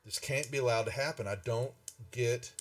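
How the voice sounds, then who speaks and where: A man's voice: medium pitch, moderate pace, recorded from a distance, close to an everyday voice. Man doing a blustering, cursing knight. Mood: troubled.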